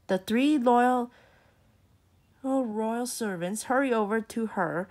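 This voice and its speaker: A woman reading a children's storybook aloud, halting and restarting as she reads. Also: on the high side. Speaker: storybook reader.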